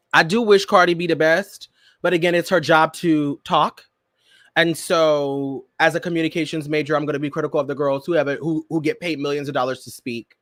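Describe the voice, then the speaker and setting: A young man with a high, lively voice that swings widely as he riffs through pop-culture commentary. He hosts in a dramatic, playful way, breaking into laughter often. The recording is close and dry. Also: no room sound. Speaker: podcast host.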